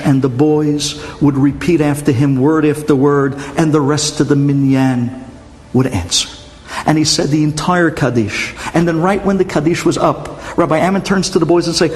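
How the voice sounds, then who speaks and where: A man, a rabbi, telling a story in an animated way with sudden jumps in pitch. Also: moderate pace. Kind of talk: storytelling talk. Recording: long hall reverb.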